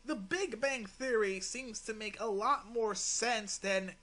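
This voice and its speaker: A man's voice: high-pitched, takes it slowly, sharp tone. A man hosting his own channel, rebutting another video in an exasperated, sighing way with some swearing. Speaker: channel host responding to a video. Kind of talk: casual commentary rebuttal.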